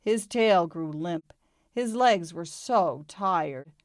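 A woman reading a children's storybook aloud in a calm, expressive way. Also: fairly low pitch, slow pace, no room sound, studio quality.

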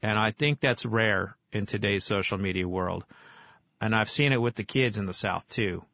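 A man from Oklahoma, a guest in an interview, telling stories in a casual, animated way with many fillers. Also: on the low side, moderate pace, no echo. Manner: animated storyteller, lively with fillers. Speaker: guest, whiskey author.

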